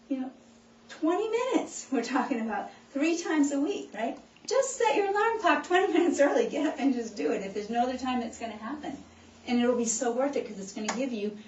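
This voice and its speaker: A woman chiropractor gives a lively exercise lesson, coaching and urging her audience as she demonstrates. Her voice sits a little high and reaches the mic from a distance. The room is echoey, the sound is muffled, and there is a faint hiss behind her. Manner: coaching and cheering listeners on, demonstrating as she talks. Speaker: chiropractor giving a health talk. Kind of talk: animated instructional talk to a group.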